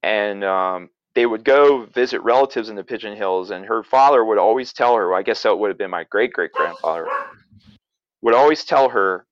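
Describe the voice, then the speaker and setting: A man from Pennsylvania with a lowish voice, telling a childhood story in a loose, rambling way and chuckling as he goes. The sound is dry and close, with a slightly dull, narrow tone. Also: moderate pace, no room sound. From south-central Pennsylvania. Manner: rambling, chuckling, self-correcting. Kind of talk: casual storytelling.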